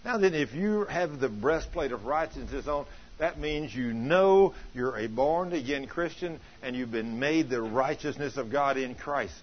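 Folksy preacher man, husky voice. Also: medium pitch, expressive, a little slow. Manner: folksy, colloquial, bursts of loud emphasis. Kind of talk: sermon with personal storytelling. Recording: dull lo-fi sound.

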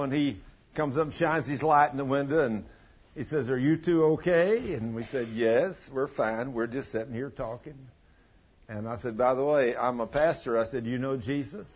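An older man preaching a sermon, telling a folksy story in plain country grammar, with a husky voice. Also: medium pitch, lo-fi sound. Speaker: pastor.

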